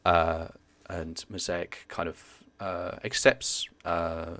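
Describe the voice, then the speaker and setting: Low-voiced man running a tabletop game. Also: little pitch movement, takes it slowly, fairly bright tone, dry recording. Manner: hesitant, many fillers. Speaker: game master.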